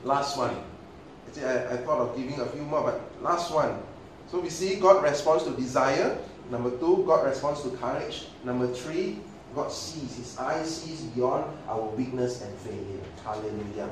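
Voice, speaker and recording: A man preaching a sermon, animated and dramatic, acting out scenes and laughing often. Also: medium pitch, normal speed. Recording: echoey hall, distant mic, ambient noise.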